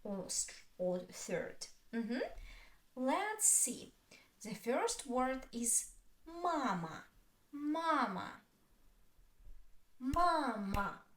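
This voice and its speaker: Russian-accented woman teaching, super slow and high, echoey room. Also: big pitch swings. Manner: repeats each word slowly, stressing syllables. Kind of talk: slow, drawn-out language lesson. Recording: roomy echo.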